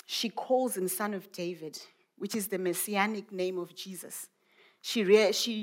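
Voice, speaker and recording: A woman, a mother, preaching a sermon in a reflective way, musing aloud with many rhetorical questions. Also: lowish voice. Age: adult mother.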